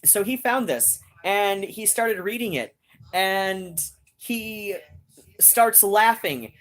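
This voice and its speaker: Speaking slowly in an expressive mid-range voice, a woman hosts a live stream. Her talk is casual and rambling, full of restarts, and aimed directly at the people watching.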